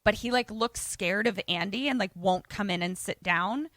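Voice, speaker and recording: A woman co-host recapping a film in loose, casual podcast chat. Her tone is bright and forceful, and the sound is close and dry. She talks animatedly, swears freely and slips into the characters' lines. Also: medium pitch, moderate pace, no room sound. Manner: animated, profane, acts out voices.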